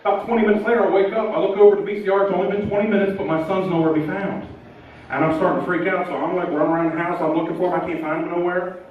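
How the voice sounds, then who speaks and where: Brief: male comic, deadpan storyteller, high voice, dull live-club sound. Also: very fast, a little hiss or hum. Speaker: stand-up comedian. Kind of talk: stand-up set. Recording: echoey club from far off, dull.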